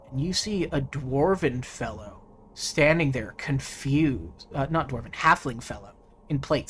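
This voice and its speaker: A man narrating as game master of a tabletop game. He talks slowly and lets fillers slip in as he goes, with faint hiss in the background. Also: medium pitch. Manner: unhurried, with frequent fillers.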